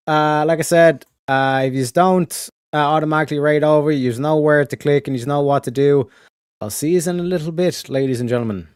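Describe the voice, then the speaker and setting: A man's voice: fairly high pitch, fairly even intonation, fairly quick, clear, resonant tone, no room sound, clean studio sound. A male streamer talking in loose, crude, casual chat to his viewers.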